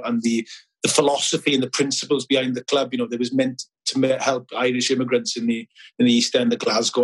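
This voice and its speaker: A man's voice: medium pitch, husky, rough recording. A middle-aged man from Wales, a filmmaker guest chatting casually in an interview, telling anecdotes with many restarts.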